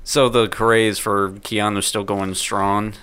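A man's voice: lowish voice, level tone, slow, a bit bright, smooth. A young man co-hosting a casual podcast, rambling and hedging with filler words and laughing easily. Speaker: podcast co-host. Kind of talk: casual chat.

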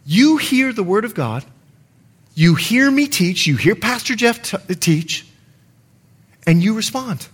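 A man's voice: high voice, takes it slowly, long pauses, slightly rough. A middle-aged man preaching a sermon as pastor in a church, telling stories and acting out the people in them. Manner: animated storytelling with acted-out quotes.

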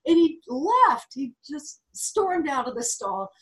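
A woman's voice: high voice, sing-song, takes it slowly. A woman guest who talks with animals, telling a story in a chatty way with frequent "um" fillers. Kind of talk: anecdotal storytelling in an interview.

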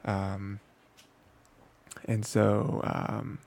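Low, flat, gravelly-voiced man reviewing anime. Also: extremely slow. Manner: rambling, filler-heavy, frequent restarts. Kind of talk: casual spoken review.

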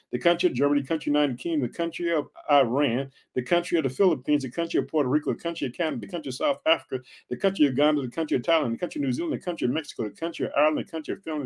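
A man's voice: on the high side, very fast. A man from Illinois hosting a faith podcast, preaching in a fervent, repetitive way and calling his listeners family. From Illinois, United States. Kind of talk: encouraging podcast sermon.

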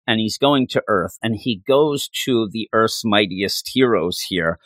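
On a comic book podcast, this male co-host rambles enthusiastically in a casual chat and acts out lines from the story. His voice is lowish, expressive and a bit bright, delivered a little slowly with no room sound.

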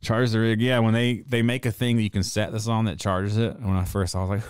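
A young man hosts a podcast in a loose, rambling, profane casual chat, laughing often. His low voice has little pitch movement and normal speed, and it is a little mellow, clear, and resonant, recorded in studio quality with no echo.

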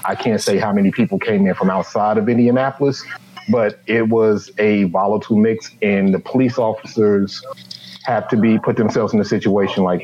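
A man's voice: fairly low pitch, steady tone, fairly quick, darkish tone, slight background noise. Earnest man, slightly muffled sound. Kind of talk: casual chat.

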